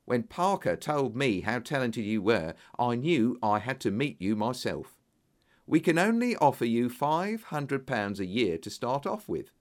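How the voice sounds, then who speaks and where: An eager, flattering businessman bursting with exclamations, as a male narrator puts him on, his pitch leaping high and low with lively swings. The storybook voice is animated and persuasive, every offer sounding grand. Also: a little slow. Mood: effusive. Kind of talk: audiobook character voice.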